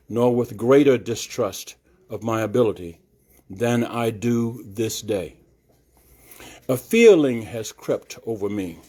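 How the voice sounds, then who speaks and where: A man's voice: mid-range voice, mellow. An older man reading aloud as a 19th-century abolitionist orator, declaiming with formal emphasis to a live audience in an art gallery.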